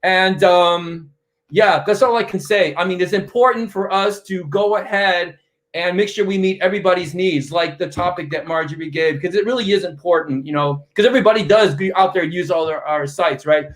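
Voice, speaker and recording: A man hosting an online tech conference, excitable and rambling, with lots of fillers between his words. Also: high voice, brisk. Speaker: conference host. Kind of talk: casual live-stream hosting.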